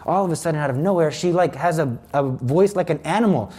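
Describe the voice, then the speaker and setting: Man, somewhat high voice, Catholic speaker, personal testimony, earnest dramatic storytelling. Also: fast talker, darkish tone.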